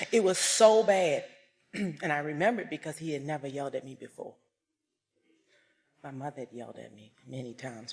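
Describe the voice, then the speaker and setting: A woman speaks at a religious service, giving a personal testimony. She tells it with strong feeling and breaks into loud outbursts. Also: low-pitched, husky. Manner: emotional storytelling, rising to loud outbursts.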